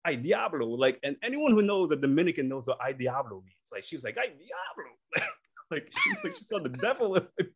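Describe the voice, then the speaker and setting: A young man casually telling embarrassing stories on a podcast, animated and acting out the people in them. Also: on the high side, a little fast, noisy background. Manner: animated, acts out voices in his stories. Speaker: podcast co-host. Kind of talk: casual storytelling.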